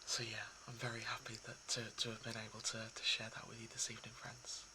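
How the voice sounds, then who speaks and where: A man talking casually and reflectively to his viewers, soft and hesitant, with many pauses and restarts. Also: mid-range voice, monotone, noisy background. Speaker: poetry reader.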